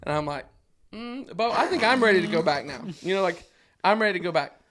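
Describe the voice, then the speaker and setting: A man with a notably high voice tells a story as a podcast guest. He talks casually and acts out the voices of the people in the story. He laughs between lines as he goes. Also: quick pace. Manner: animated, acts out quoted voices, frequent laughs.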